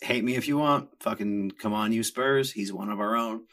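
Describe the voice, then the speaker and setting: A man's voice: on the low side, normal speed, fairly bright tone. A middle-aged man, hosting a podcast in a crude, joking, rambling casual rant. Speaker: podcast host.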